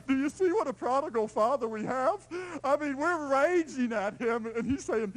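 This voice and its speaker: A man preaching a sermon in a lively, playful storytelling way, swinging between loud exclamations and hushed asides. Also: very high-pitched, normal speed, hardly any pauses, low-quality recording.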